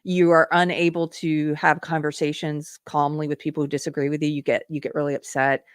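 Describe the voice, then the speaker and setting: A woman's voice: sits low, flat delivery, fairly quick, clean tone, no echo, clean studio sound. A middle-aged woman hosting a live commentary stream, earnestly putting rhetorical questions to her viewers. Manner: reads viewer comments aloud. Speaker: political commentary host.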